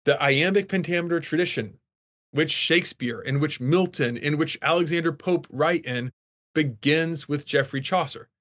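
A man's voice: fairly high pitch, moderate pace, a bit bright. A man lecturing as an English professor in a classroom, talking enthusiastically and with emphasis about poetry.

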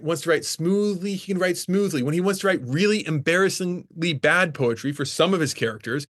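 A man's voice: on the high side, fairly bright tone. A man lecturing as an English professor in a classroom, talking enthusiastically and with emphasis about poetry.

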